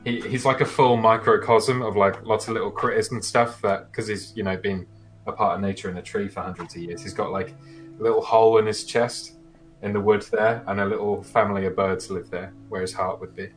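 Hesitant low-voiced man, casual. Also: steady tone, a little fast, soft background music. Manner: hesitant, many fillers and restarts. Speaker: player. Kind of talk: casual chat describing his character.

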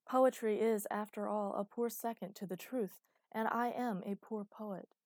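A woman reading a teasing, flirtatious grown man, mock-romantic and deadpan, in an audiobook. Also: mid-range voice, unhurried, no room sound, voice pushed up, natural voice. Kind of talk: audiobook character voice.

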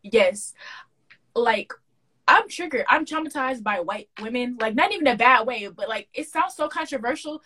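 A young woman co-hosting a casual podcast, telling a story with lively slang and acting out the quoted dialogue. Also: on the high side, normal speed. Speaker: podcast co-host.

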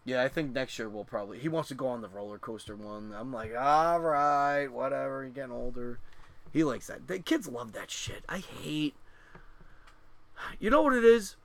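A man's voice: mid-range voice, big pitch swings, normal speed. Middle-aged man telling profane stories. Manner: rambling, profane storytelling with lots of fillers. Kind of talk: casual chat.

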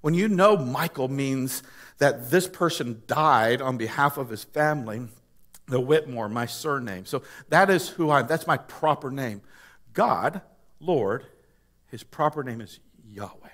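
A man's voice: medium pitch, animated, a little slow, fairly bright tone. A male pastor preaching a conversational sermon, repeating words and building to emphatic praise.

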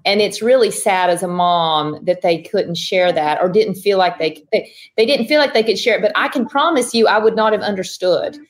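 Measured woman, even middle pitch. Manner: measured, reflective. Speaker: mother on the panel. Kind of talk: conversational panel talk.

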